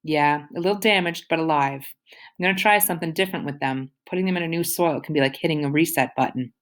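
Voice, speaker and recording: A woman's voice: deep voice, fast, lightly acted. A woman voicing an easygoing, teasing middle-aged father in an audiobook reading, with casual slang. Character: warm, joking father, middle-aged man.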